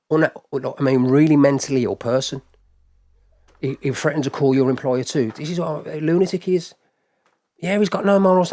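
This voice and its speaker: A man's voice: on the high side, a little mellow. A man hosting a live stream, ranting to his viewers with heated, repetitive talk and frequent swearing. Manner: heated, swearing, repetitive, talks straight to chat. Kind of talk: casual live-stream rant.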